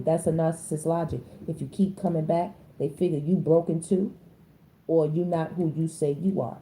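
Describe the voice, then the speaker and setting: A woman, doing a casual tarot reading in a blunt, slangy and animated way. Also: normal speed. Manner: animated, slangy, blunt, with sudden high-pitched exclamations. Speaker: tarot reader.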